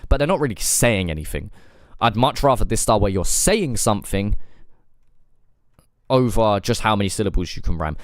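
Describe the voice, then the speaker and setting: A man's voice: on the low side, animated, moderate pace, long pauses, no echo. Dry-voiced man breaking down rap lyrics. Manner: analytical, thinks aloud with fillers, repeats lyrics to break them down. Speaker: streamer reviewing new rap releases. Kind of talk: casual live-stream music reaction and breakdown.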